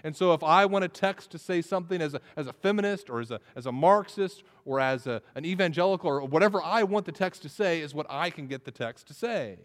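A man's voice: a little high, expressive, fast talker, hardly any pauses. A man preaching a sermon as pastor, often restarting phrases and repeating words. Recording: reverberant hall.

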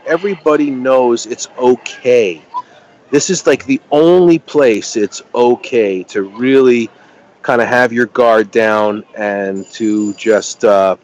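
An eager middle-aged American man talks as a podcast guest, tripping over his words and restarting sentences. His voice sits at an ordinary pitch, and the sound is a little muffled and dull. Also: a little mellow, a little hiss or hum. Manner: enthusiastic, stammering restarts. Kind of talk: casual chat.

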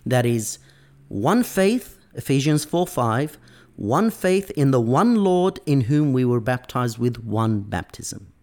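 Slow, lively-voiced male preacher. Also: medium pitch. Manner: emphatic, varying pace and stress. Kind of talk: sermon.

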